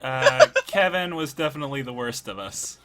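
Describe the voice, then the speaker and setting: A man's voice: medium pitch, very animated, normal speed, over loud music, lightly acted. A man voicing a chatty, nervous male skeleton just freed from a crypt, who talks awkwardly and stammers in a tabletop game.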